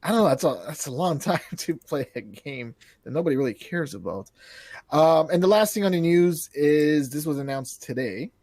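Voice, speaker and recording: A man co-hosting a casual podcast who rambles from one thought to the next, swearing freely and laughing at his own asides. His voice sits a little high and swings widely in pitch. The sound is dry and close to the mic. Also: lively intonation, moderate pace, a little mellow, dry recording. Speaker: podcast co-host. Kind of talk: casual chat.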